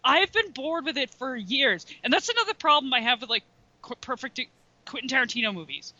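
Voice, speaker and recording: A woman's voice: sits high, sing-song, brisk, bright, forceful tone, dry recording, dull audio. A young woman co-hosting a podcast, griping bluntly and profanely with exasperation. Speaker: podcast co-host. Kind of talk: casual ranting chat.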